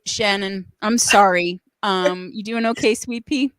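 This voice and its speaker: A woman's voice: medium pitch, fairly even intonation, a little slow, fairly bright tone, dry recording, clean studio sound. A middle-aged woman hosting a casual livestream, gushing emotionally and reading chat messages aloud. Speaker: host.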